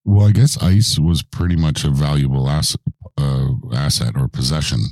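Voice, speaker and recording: A man hosts the show with casual, teasing banter and keeps prodding his co-host with questions. His voice sits extremely low with a dark, mellow tone. The sound is dry and close, with faint music behind. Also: normal speed, no room sound.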